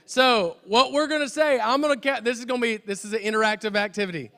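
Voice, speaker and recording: A high, bright-voiced man leading a youth service, chatty and prone to restarts. His words ring out with a long reverb from a large church hall. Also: fast talker. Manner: chatty, restarts often, jokes self-deprecatingly. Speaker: youth pastor. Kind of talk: youth service announcements and prayer.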